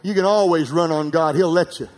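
A man preaching a sermon as pastor, calling for amens and swinging from emphatic, near-shouted peaks to quiet asides. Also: a little high, brisk. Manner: calls for amens from the congregation.

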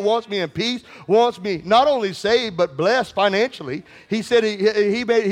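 Preacher guy, really high voice, keeps asking for amens and shouting lines back. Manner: call-and-response, repetitive and emphatic, shouts at peaks. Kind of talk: sermon.

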